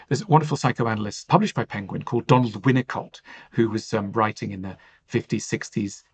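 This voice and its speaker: A man with a mid-range voice and a breathy edge, an author appearing as a podcast guest, explains ideas thoughtfully and reflectively, with many "you know" fillers.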